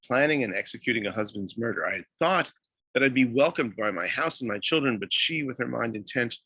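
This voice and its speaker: A man reading aloud as a bitter, proud dead king, with halting pauses. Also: mid-range voice, animated, pushed and bright, breathy edge, no echo, exaggerated voice. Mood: indignant.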